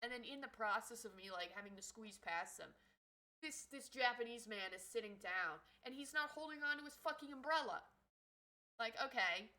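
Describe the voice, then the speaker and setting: A woman streamer telling a story in casual livestream chat, animated and swearing freely. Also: fairly high pitch, moderate pace, rough recording.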